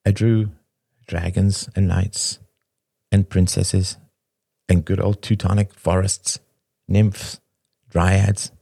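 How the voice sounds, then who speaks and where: A man voicing a weary, glib young man who speaks softly. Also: deep voice, flat delivery, slow, creaky, long pauses, no echo, studio quality, pitched above the performer's own voice, full character voice. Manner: soft, deflecting.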